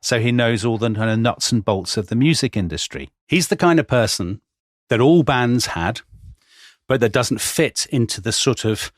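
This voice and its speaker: A man's voice: mid-range voice, animated, moderate pace, no room sound, clean studio sound. A man co-hosting a history podcast, telling the story in a wry, chatty way and often laughing as he goes. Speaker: podcast co-host.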